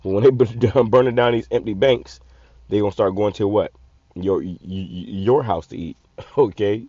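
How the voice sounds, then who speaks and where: This channel host's voice is fairly low, dark and husky, moving at a normal speed as he offers blunt, profane, casual commentary on a video. He often stumbles back and restarts or repeats words. The audio, without echo, comes through muffled and lo-fi.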